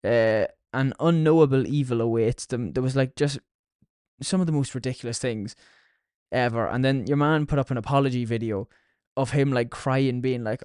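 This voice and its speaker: A man's voice: mid-range voice, normal speed, a little mellow, clean tone, no room sound, studio quality. A young Irish man hosting a solo podcast, talking casually with plenty of swearing and mockery. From Ireland. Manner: sweary, mocking. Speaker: podcast host.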